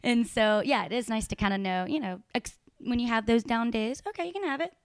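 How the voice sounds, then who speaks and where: Young woman chatting away, lots of you knows, highish smooth voice. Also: brisk, dry recording, studio quality. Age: 20s. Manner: chatty storytelling, many fillers. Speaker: guest, small business owner. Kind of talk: casual interview chat.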